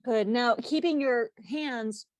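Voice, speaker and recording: A woman teaching a live online yoga class, giving calm, steady cues over a video call. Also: a little high, takes it slowly, no echo. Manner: calm cueing with self-correcting laughs.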